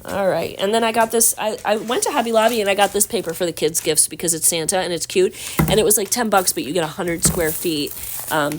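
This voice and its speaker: A woman's voice: on the low side, vocal fry. Chatty Southern woman with a scratchy voice. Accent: Southern American. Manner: chatty, rambling with many fillers. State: hoarse. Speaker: vlogger. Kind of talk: casual chat to camera. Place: home, indoors.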